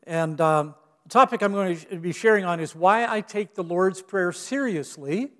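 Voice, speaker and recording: Man, guest preacher, high voice, long reverb of a church hall, self-deprecating, restarts phrases. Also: moderate pace. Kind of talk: sermon. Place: church sanctuary.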